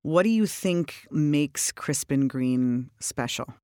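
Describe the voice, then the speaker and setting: An interviewer asking short, pointed questions about the business, with quick backchannels in between. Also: medium pitch, expressive, warm tone, clean tone, no echo, studio quality.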